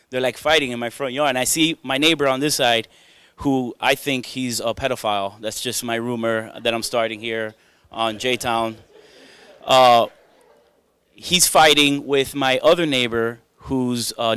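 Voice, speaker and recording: Male stand-up, self-deprecating crowd work, smooth clear voice, dry close mic. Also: medium pitch, sharp tone, no echo. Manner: chatty, self-mocking, riffs with the crowd. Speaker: stand-up comedian. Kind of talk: stand-up comedy set. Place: comedy club stage before a live audience.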